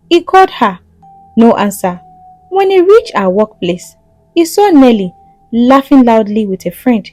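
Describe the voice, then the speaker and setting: A woman's voice: a little high, a little mellow, no room sound, rough recording. A woman narrating a scripted story in a dramatic way, with asides to the listener.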